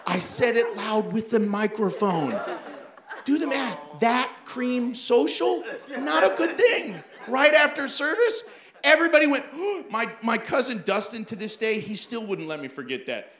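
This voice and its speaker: Male pastor, storytelling sermon, high bright voice, animated, acts out quotes, laughing, echoey church room. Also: unhurried.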